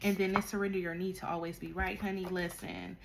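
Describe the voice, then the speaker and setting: A woman with a fairly low voice giving a tarot reading, with a faint hiss underneath. She speaks straight to her listener in an animated, no-nonsense way and scolds them when she thinks they need it. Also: brisk, vocal fry. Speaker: tarot reader.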